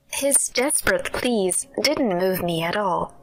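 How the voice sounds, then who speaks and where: A woman reading a scripted first-person story in a steady storytelling manner. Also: mid-range voice, slow, dry recording, rough recording. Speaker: narrator. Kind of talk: scripted narration.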